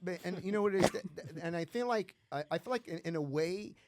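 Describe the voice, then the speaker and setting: Animated New York-raised man telling stories. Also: high voice, fast talker, dry recording. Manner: animated storyteller, slips into voices and laughs. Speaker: comedian guest. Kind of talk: casual podcast chat.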